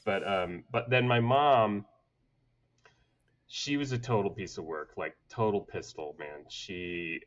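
Man, middle-aged, from Atlanta, podcast guest, candid storytelling, halting with fillers, fairly low pitch, muffled lo-fi audio. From Atlanta, southern United States. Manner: halting, many fillers and restarts, laughs while telling stories. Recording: dull lo-fi audio.

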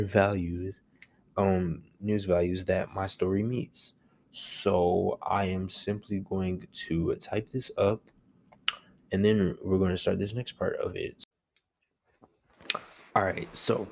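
Young guy, low creaky voice, rambles casually about his homework and fixes his slips as he goes. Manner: rambling, self-correcting, slangy. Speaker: student. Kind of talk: casual vlog working through a class assignment.

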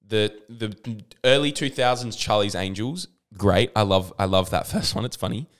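A man with a low, smooth voice rambles through a movie plot on a casual podcast. He tells it with animated energy and drops into quick impressions of the characters as he goes. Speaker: podcast co-host. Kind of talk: casual chat about movies.

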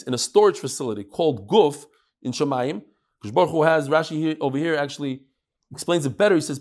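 High-voiced man teaching a Talmud class. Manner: reads Hebrew-Aramaic text then translates in Yeshivish English.

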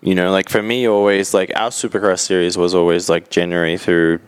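A man's voice: deep voice, level tone, a little fast, smooth. A man in his forties from Australia, with an Australian accent, talking as a podcast guest in a rambling way full of fillers and restarts. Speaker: guest, motocross racer. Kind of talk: casual podcast conversation.

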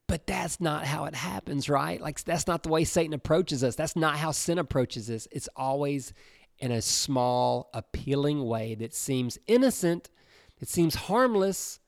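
A man's voice: fairly high pitch, lively intonation, unhurried, creaky, no echo, studio quality. A man preaching in a casual, conversational way to young listeners, often checking in with his audience. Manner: conversational, repeats "right?" and "you know".

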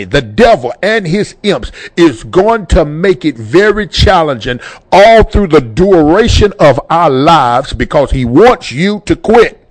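A man's voice: a little high, no room sound. A man hosting a radio talk show, speaking in a fervent preaching style and repeating phrases for emphasis.

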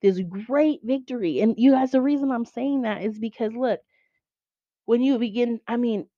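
A woman hosting a faith podcast, telling stories in an animated way and acting out other people's voices. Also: on the high side, moderate pace, no echo. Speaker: podcast host. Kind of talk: faith podcast chat, storytelling. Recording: dull lo-fi sound.

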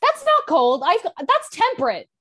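A young woman from Ireland with an Irish accent softened toward American, co-hosting a casual chat podcast, blunt and dry with some swearing. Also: very high voice, huge pitch swings, measured pace. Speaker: podcast co-host.

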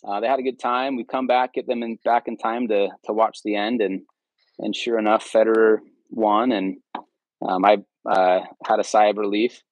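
Podcast guest, man, low-pitched, chatty and rambling, dry close sound. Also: flat delivery, normal speed, a little mellow, no echo, dull audio. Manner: rambling, many ums and restarts. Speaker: podcast guest, returned missionary. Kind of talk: casual storytelling interview.

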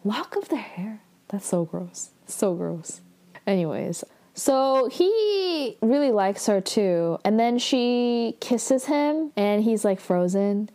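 Woman vlogger, chatty recap voice, mellow and a bit high. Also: expressive, slow. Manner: chatty, fills talk with "like", acts out characters' lines and squeals in delight.

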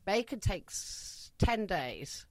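A woman's voice: mid-range voice, sing-song, very slow, no echo. A woman with a Yorkshire accent chatting casually as a podcast guest, jokey and self-mocking, laughing often. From northern England. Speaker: guest, sausage business founder.

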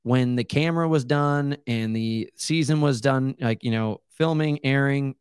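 A man's voice: medium pitch, a little slow, darkish tone, clean tone, dry recording, clean studio sound. A man hosting a podcast, talking candidly and searching for words in a casual interview. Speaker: podcast host.

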